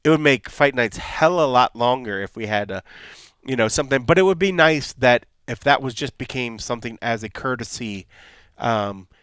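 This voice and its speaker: A man's voice: medium pitch, animated, moderate pace, fairly bright tone, clean tone, no echo. A man co-hosting a podcast, joking loosely and swearing freely in casual chat. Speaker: podcast co-host.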